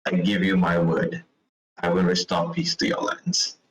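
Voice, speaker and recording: A man's voice: sits low, little pitch movement, a little slow, far from the mic, dull audio, slight background noise. A man voicing a priest of a peace goddess who gives a solemn, formal vow.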